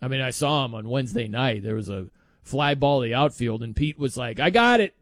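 A man hosting a sports talk show delivers an animated monologue in a medium-pitched, fairly quick voice with no room sound. He argues emphatically, bursts out in disbelief, laughs often, and mimics others.

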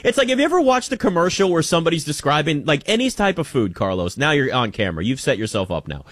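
A man hosting a sports radio talk show, energetic and chatty, teasing his producer in casual banter. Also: on the high side, fast, no echo. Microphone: studio microphone.

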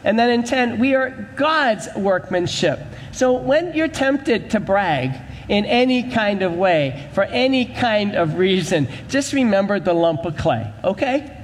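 A man's voice: high voice, very animated, a little slow, long reverb tail. A man pastor preaching a sermon in a church, with rhythmic, repetitive emphasis.

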